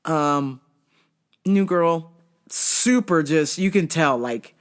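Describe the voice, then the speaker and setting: A woman's voice: low-pitched, takes it slowly. A woman hosting a podcast, telling a comedic story with lots of swearing and laughter. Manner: animated, swears freely, laughs often. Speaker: podcast host.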